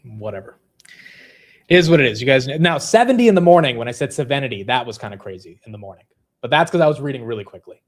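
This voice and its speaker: A young man hosting a casual livestream, laughing at himself and reacting quickly to the chat. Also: mid-range voice. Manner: animated, self-mocking, reacting to chat. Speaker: livestream host.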